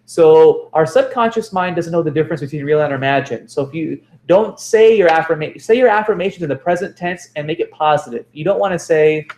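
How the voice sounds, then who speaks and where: A man's voice: fairly high pitch, fairly quick, few pauses, darkish tone, echoey room. A man giving a motivational self-help talk, repeating phrases for emphasis and correcting himself as he goes.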